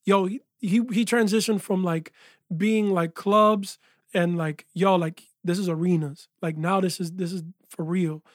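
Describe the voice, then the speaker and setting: A man with a high-pitched voice tells his story as a guest in a relaxed interview. He talks with animated energy and leans on "yo" and "like" often. The sound is dry and close, as in a small studio. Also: unhurried, no echo. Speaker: guest, music producer and engineer. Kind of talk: casual interview chat.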